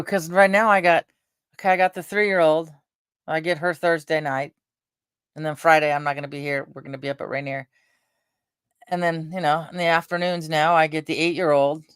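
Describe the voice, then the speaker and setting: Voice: mid-range voice, fairly even intonation, normal speed, pauses often, a bit bright, clean tone, no room sound, studio quality. A middle-aged vlogger chatting casually about family, meandering with lots of fillers and restarts. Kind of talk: casual rambling chat.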